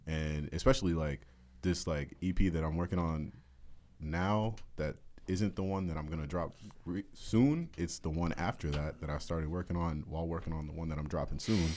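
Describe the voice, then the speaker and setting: A man's voice: extremely low pitch, moderate pace, darkish tone, slight background noise. A young man, a musician guest, talking in a laid-back, rambling way with casual swearing. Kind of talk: casual chat.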